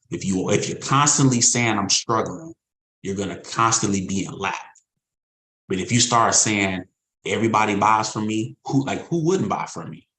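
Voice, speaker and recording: A man with a fairly low voice gives a motivational talk to his insurance sales team. He hammers his points home by repeating them, in a casual, emphatic, preacher-like way. The sound bounces around an echoey room. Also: a bit bright. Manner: repetitive, emphatic, conversational preaching.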